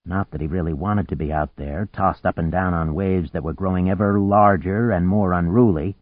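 A man narrating a story in a vivid, expressive reading. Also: low-pitched, normal speed, no room sound, narrow, tinny audio. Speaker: audiobook narrator. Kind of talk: scripted narration.

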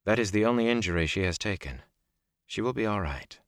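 A man reading an audiobook, voicing a calm, commanding woman healer who speaks in a level, measured way. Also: fairly low pitch, no echo, clean studio sound. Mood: composed.

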